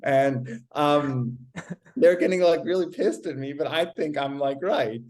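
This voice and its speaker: A young man in his twenties, a podcast guest telling a story in a casual, animated way, often stumbling over repeated words. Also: on the high side, unhurried. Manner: animated, repeats words, many "like"s, acts out quoted exchanges. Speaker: interview guest.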